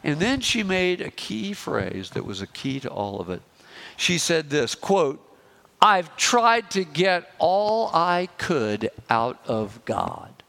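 A man preaching a sermon as pastor, slowing down and pressing hard on key phrases. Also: on the high side, big pitch swings, gravelly, fairly bright tone. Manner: emphatic, slows and rises on key phrases.

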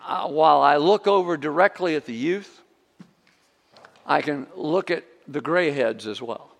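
A man preaching a sermon in a church, impassioned, swinging from hushed prayer to loud exhortation. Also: on the high side, vocal fry, in a large hall. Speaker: pastor. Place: church sanctuary.

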